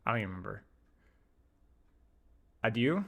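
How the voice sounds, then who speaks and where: At a moderate pace and with a creaky quality, a young male streamer's bright, forward voice sounds out words. The casual pronunciation chat is animated and unscripted, his pitch jumping around as he keeps erupting in mock-outraged shouts.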